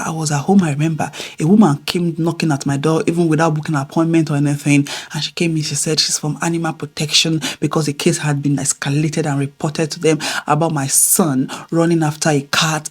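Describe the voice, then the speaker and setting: Woman vlogger, middle-aged, low husky voice, chatty storyteller who swings from loud to hushed. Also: a little fast, hardly any pauses. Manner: animated, swings between loud exclamations and hushed near-whispers. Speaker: vlogger telling a family story. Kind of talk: casual storytelling to camera.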